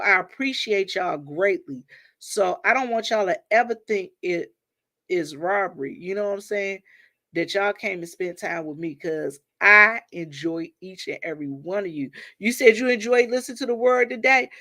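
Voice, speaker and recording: A woman's voice: mid-range voice, bright, forceful tone. A woman hosting a casual livestream, greeting viewers by name and using churchy phrases, talking into a phone or webcam mic at home. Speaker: livestream host. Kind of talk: casual live chat with viewers.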